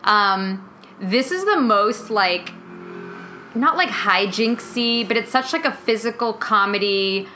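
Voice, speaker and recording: Bright-voiced woman retelling a sitcom. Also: medium pitch, slow, slight background noise. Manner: animated storyteller acting out characters' lines. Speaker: podcast host. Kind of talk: casual chat recapping a TV episode.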